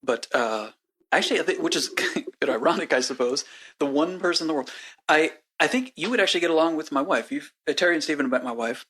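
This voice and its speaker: Husky, hesitant male podcast guest. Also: fairly high pitch, expressive, fairly bright tone. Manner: measured, hesitant, lots of fillers. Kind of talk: casual podcast chat.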